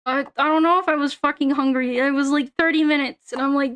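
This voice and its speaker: High-voiced young woman rambling on stream. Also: fairly even intonation, quick pace, hardly any pauses, a bit bright. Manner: rambling, swearing, giggly. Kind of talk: casual chat stream.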